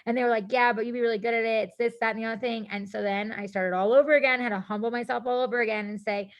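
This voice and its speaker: A woman guest on a podcast, telling a story in casual chat, animated, laughing often and acting out what people said. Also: on the high side, very fast, dull audio. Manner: animated, laughing, acts out quotes, casual swearing.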